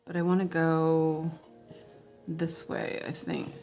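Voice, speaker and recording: A woman chatting casually as she stitches, answering viewers and muttering quietly to herself as she works. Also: low-pitched, flat delivery, takes it slowly, faint music behind. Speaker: cross-stitch designer and streamer.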